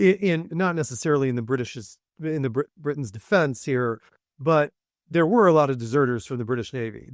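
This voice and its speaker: A man's voice: medium pitch, dry recording, clean studio sound. A man hosting a history podcast, talking in a loose, chatty way with many fillers and restarts. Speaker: podcast host. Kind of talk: conversational history interview.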